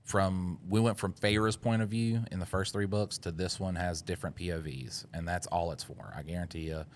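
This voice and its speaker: A man's voice: low-pitched, fairly even intonation, moderate pace, a little hiss or hum. A man hosting a podcast, rambling in casual chat and laughing often. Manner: laid-back, rambling with frequent laughs. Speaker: podcast host.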